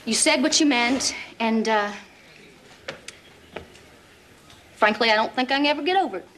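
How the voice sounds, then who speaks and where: An actress playing a feisty young Southern woman who speaks with a folksy drawl and quick comebacks, in a sitcom scene. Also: a little high, fairly bright tone, slight background noise, natural voice. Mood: cutting. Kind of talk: sitcom acting. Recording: sitcom audio with audience laughter. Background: studio audience laughter.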